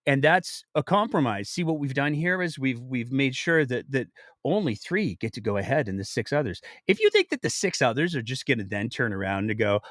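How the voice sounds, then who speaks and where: Man, podcast host, sarcastic, animated pitch, dry close sound. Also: brisk, no room sound. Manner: sarcastic, wry asides. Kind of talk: casual commentary.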